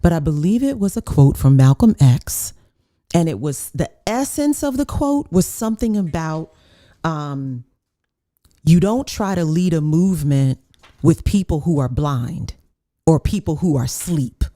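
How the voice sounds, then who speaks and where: A woman's voice: low voice, animated, measured pace, mellow. A woman co-hosting, talking casually and searching for her words. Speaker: co-host. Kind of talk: casual chat.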